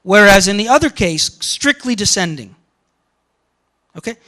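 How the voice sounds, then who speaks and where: A man lecturing a class in an animated way, often quoting example sentences and breaking off mid-thought. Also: high voice, a little slow. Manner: animated, quotes example sentences, interrupts himself.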